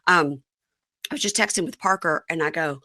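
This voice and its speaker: A woman's voice: fairly low pitch, a little fast, bright, forceful tone, no room sound, studio quality. A woman from Mississippi hosting a podcast, chatting casually with rambling, self-deprecating asides. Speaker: podcast host. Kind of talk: casual chat.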